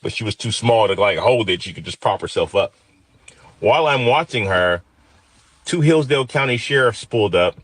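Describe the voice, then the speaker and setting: A man's voice: fairly low pitch, animated, moderate pace, fairly bright tone, no room sound. A man in his fifties from Detroit telling a personal story with intense, emotional, vivid retelling. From Detroit, USA.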